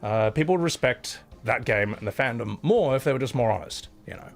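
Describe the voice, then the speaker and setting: A man's voice: medium pitch, animated, a little fast, vocal fry. Sweary Scottish man on a live stream. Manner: blunt and sweary, thanks viewers between rants. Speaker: livestreamer. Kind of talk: casual live-stream chat.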